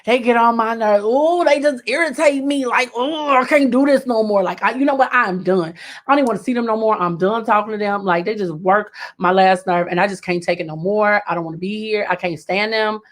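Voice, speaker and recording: A woman's voice: mid-range voice, a little fast, natural voice. Woman doing a melodramatic lovesick friend. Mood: exasperated. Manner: whiny, melodramatic venting. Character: dramatic friend swinging between rage and adoration of a partner.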